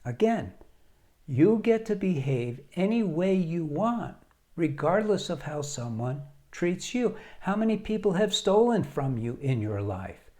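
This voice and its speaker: A man speaking as a marriage coach, giving earnest, direct advice to the camera with deliberate, emphatic pauses. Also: a little high, big pitch swings, darkish tone.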